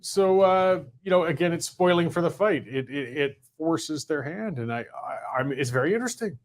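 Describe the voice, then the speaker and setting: A man talking as a panelist, acting out imagined quotes in an animated way. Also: a little high, normal speed. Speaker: panelist and columnist. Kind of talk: casual political panel discussion.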